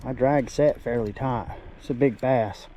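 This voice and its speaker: A man's voice: mid-range voice, a little slow, warm tone, a little hiss or hum, rough recording. A man with a Southern accent chatting casually on camera while fishing from a small boat on a river. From Tennessee. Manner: folksy, says y'all often. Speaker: fishing vlogger.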